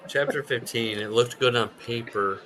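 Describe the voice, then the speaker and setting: A man with a bright, forceful voice chats on a podcast. He tells rowdy stories, swears freely and breaks into loud shouts when he imitates people. The pitch sits in the middle for a man. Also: moderate pace. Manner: animated storyteller, swears, shouts out quoted voices. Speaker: podcast co-host. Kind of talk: casual chat.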